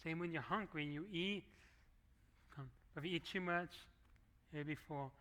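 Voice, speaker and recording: A man's voice: fairly high pitch, a little slow, sharp tone. A middle-aged man preaching a sermon as pastor, talking conversationally and slipping into acted asides, on a handheld microphone in a church. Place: church sanctuary.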